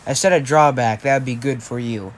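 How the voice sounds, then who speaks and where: A man voicing a calm young male hero making a dark deal, in a flat, matter-of-fact way. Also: mid-range voice, a little fast, lightly acted.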